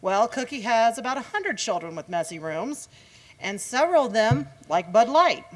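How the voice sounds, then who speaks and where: A woman's voice: a little high, very animated, normal speed. Wry woman giving an award speech. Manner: wry, joking delivery. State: a little out of breath. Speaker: horsemen's association representative.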